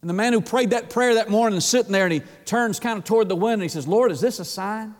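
A middle-aged male pastor with a notably high voice preaches in a folksy, emphatic style. He repeats his key phrases and appeals straight to his listeners. His voice rings with the long reverb of a large church hall. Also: racing. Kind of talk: sermon.

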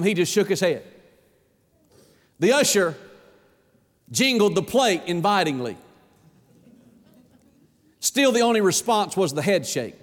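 High-voiced preacher in a reverberant church. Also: male voice. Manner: folksy, rises to shouting on key points. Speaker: pastor. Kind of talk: sermon. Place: church sanctuary.

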